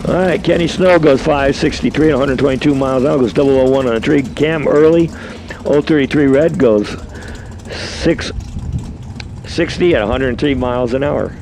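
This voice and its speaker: A man with a New York accent calls results at an outdoor drag strip, his medium-pitched voice at a moderate pace over background noise. He's chatty and rambling, tossing in asides between runs.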